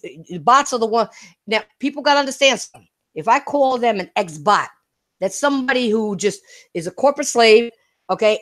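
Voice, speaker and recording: A woman hosting a casual gaming talk stream, brash and profane, laughing hard and repeating herself. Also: a little high. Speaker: streamer and podcast host.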